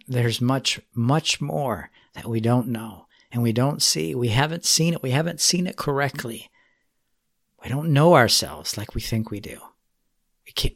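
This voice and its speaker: Man preaching a sermon, gravelly voice, dry close sound, earnest and measured. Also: mid-range voice, fairly bright tone, dry recording. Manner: earnest, measured, pleading exhortation.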